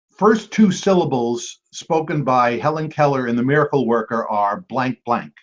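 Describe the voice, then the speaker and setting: A man runs a trivia game, reading each clue twice in a lively voice that rises and falls a lot. Between questions he slips in chatty asides and quick apologies to the teams. The recording is dull and lo-fi. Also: medium pitch. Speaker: quiz host.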